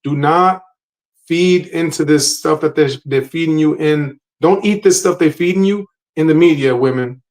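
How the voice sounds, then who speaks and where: A man's voice: a little high, normal speed, a little mellow, rough recording. A man co-hosting a podcast, talking casually but emphatically, often repeating his points. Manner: emphatic, lecturing, repeats phrases. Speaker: podcast co-host.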